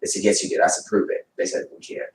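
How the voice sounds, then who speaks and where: A man on a livestream telling a long, profane story fast and acting out what people said. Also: a little hiss or hum. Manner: fast, profane storytelling, acts out quotes loudly. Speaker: livestream host. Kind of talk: casual chat. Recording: echoey room, far from the mic.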